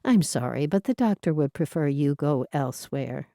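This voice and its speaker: A woman's voice: low-pitched, expressive, moderate pace, creaky, warm tone, no room sound, clean studio sound. A woman voicing a polite receptionist. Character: polite but awkward female receptionist.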